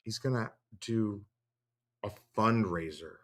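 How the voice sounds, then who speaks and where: A man's voice: on the low side, expressive, moderate pace, a bit bright. A man hosting a stream, giving profane, sarcastic commentary and laughing often. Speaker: streamer host. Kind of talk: casual mocking commentary.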